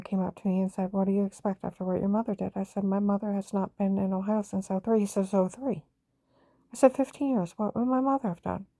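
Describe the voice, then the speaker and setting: An older woman with a gravelly, dark-toned voice tells her own story in an intense, urgent way. Her account rambles from one thing to the next, recorded close and dry with no room sound. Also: medium pitch, dry recording.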